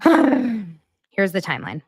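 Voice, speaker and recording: A woman's voice: medium pitch, very animated, slow pace, slightly rough, dry recording, studio quality. A woman hosting a casual gossip show, chatting and reading out text messages, often stopping to correct herself. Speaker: podcast host.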